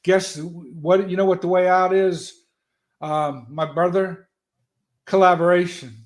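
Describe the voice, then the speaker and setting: A man telling stories as a guest in an animated, folksy, loud way. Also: high voice, slow. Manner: animated, folksy storyteller who talks loud. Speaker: guest, political strategist. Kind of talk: casual motivational talk.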